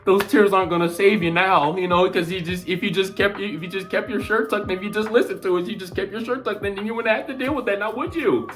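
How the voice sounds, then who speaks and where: A man voicing a stern, condescending female schoolteacher who scolds in a prim, drawn-out way. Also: medium pitch, fairly even intonation, soft background music, lightly acted. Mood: scolding.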